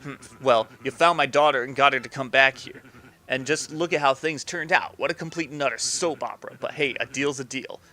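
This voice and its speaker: A man voicing a gruff, hot-tempered mob boss who talks like a tough-guy gangster. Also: medium pitch, a little fast, sharp tone, lightly acted. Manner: tough-guy mobster talk.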